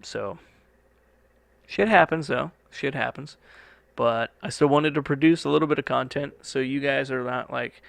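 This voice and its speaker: This solo podcast host talks from a studio in a laid-back, wandering manner, swearing casually. His voice is medium-pitched, creaky, and fairly bright, at a moderate pace with no room sound.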